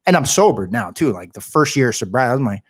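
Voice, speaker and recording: A man telling a story as a podcast guest, loud, slangy and full of swearing. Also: medium pitch, big pitch swings, quick pace, slightly rough, no room sound, studio quality. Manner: loud, heavily profane, fired-up storytelling; slangy, calls listeners bro and dude. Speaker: podcast guest, realty company head. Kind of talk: casual storytelling chat.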